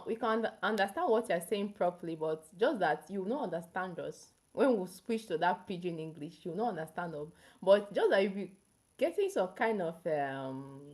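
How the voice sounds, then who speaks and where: A young woman with a Nigerian accent hosts a casual livestream, talking straight to a viewer and explaining things at length. Her voice sits a little low. She keeps a chatty, easygoing flow. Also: a little mellow. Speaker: livestream host.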